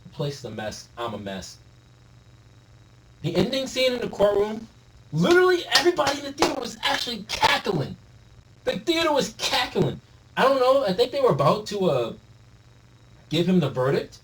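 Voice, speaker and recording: A man's voice: sits high, big pitch swings, normal speed, pauses often, a bit bright, recorded from a distance, slight background noise, low-quality recording. A man giving a casual, exasperated film review late at night at home, laughing often. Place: home room.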